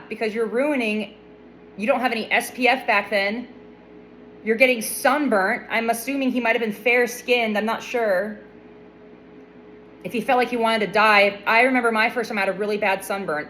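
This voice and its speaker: A woman's voice: fairly high pitch, a bit bright, a little hiss or hum, low-quality recording. A young adult woman casually retelling a Bible story, mixing the reading with wry, playful asides.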